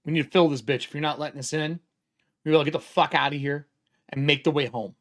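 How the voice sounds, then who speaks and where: A man's voice: on the high side, steady tone, fast talker, a bit bright, pitched below the performer's own voice. A man voicing a pushy, short-tempered male cartographer adventurer who talks curtly and swears. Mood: irritated. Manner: curt, profane, demanding.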